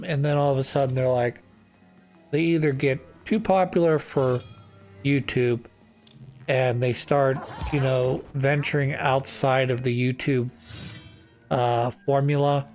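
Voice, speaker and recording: With faint music behind him, a man hosts a let's-play in a medium-pitched, darkish voice at a slightly slow pace. He chats casually as he plays, drifting off-topic and filling his speech with fillers and restarts.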